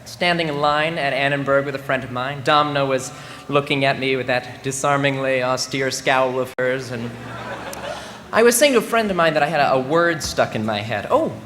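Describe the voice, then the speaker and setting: Young man delivering a bright comic speech. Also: mid-range voice, moderate pace. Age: 20s. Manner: mock-serious comic delivery, playing to a laughing crowd. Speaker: graduating student speaker. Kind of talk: humorous ceremonial speech. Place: large ceremony venue. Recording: reverberant venue with faint background noise.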